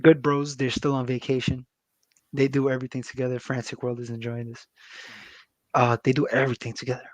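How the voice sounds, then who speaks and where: A man's voice: medium pitch, flat delivery, a little fast, dry recording. Man casually recapping a wrestling show. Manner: loose and profane, with frequent fillers and laughs. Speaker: wrestling podcast co-host.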